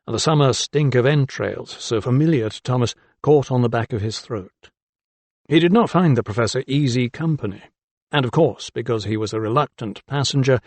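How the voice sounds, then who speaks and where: Calm male audiobook narrator, dry sound. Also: medium pitch, no room sound. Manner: calm, even storytelling. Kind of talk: scripted narration.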